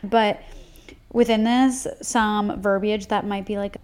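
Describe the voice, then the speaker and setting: A woman's voice: medium pitch, steady tone, slow pace, a little mellow, clear, resonant tone. A young woman co-hosting a casual news podcast, chatty, adding jokey asides between the facts. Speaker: podcast co-host.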